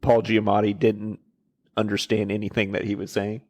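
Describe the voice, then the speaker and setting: A man hosting a podcast in relaxed casual chat, asking questions and sharing trivia. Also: on the low side, moderate pace. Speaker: podcast host.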